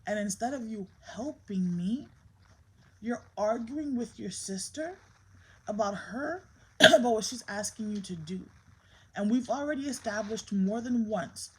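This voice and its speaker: A woman's voice: on the high side, animated, measured pace, darkish tone, breathy edge, poor audio. A woman in her thirties recording a candid vlog, venting about her troubles and firmly scolding her child. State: emotionally strained. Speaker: mother and vlogger. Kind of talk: candid vlog talk to camera.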